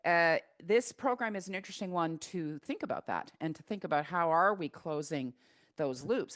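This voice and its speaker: An older woman hosting a live video-call webinar, chatty and teasing, with lots of fillers and restarts. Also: deep voice. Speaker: webinar host.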